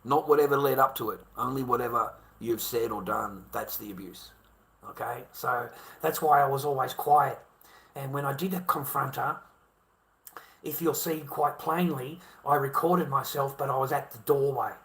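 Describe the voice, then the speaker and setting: A man's voice: mid-range voice, moderate pace, vocal fry, a bit bright. A man with an Australian accent talking casually to camera, blunt and heavily profane, circling back with repeated rhetorical questions.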